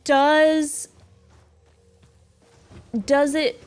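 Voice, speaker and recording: A young woman hosts a casual game stream and chats to her viewers in a goofy, self-mocking way. Her voice sits a little high, and she talks at an unhurried pace. She giggles often and laughs at herself. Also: completely flat delivery, soft background music. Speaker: VTuber streamer.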